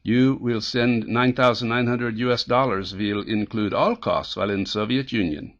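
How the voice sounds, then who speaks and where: A man voicing a businesslike Soviet male travel fixer who speaks in halting, broken English. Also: mid-range voice, muffled recording, close to an everyday voice.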